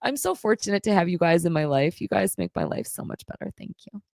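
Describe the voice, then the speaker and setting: Low-voiced profane woman streamer, dry sound. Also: very animated, fast, vocal fry, darkish tone, no echo. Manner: blunt, profane, reads viewer messages aloud. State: emotional. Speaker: live stream host reading super chats. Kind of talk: casual live stream chat.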